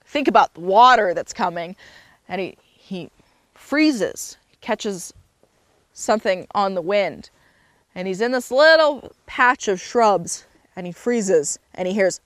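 A woman with a mid-pitched voice telling a story aloud in a loose, casual way. She talks freely, stopping to correct herself now and then. The recording is close and dry. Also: expressive, slow pace, no room sound. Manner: loose and unscripted, with fillers and self-corrections.

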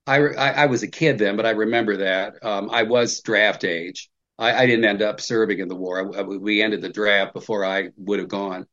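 A man's voice: on the low side, steady tone, normal speed, few pauses, a bit bright. An American professor in his sixties answering interview questions emphatically, often restarting his sentences. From United States. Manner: emphatic, with frequent restarts and stammered openings. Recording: muffled lo-fi audio.

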